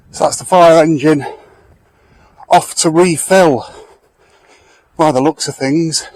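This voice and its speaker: A man's voice: on the high side, takes it slowly, pauses often, darkish tone, dry recording, rough recording. A middle-aged man chatting casually to viewers while walking outdoors, talking into a handheld camera. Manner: chatty, rambling, addresses viewers directly. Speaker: vlogger. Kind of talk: casual walk-and-talk vlog. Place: outdoors in a back lane near a fire.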